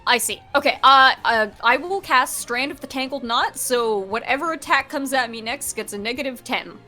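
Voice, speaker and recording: High, bright woman gamer. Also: normal speed, faint music behind. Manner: excited, laughing, playful. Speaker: player. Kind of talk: casual chat at a tabletop game.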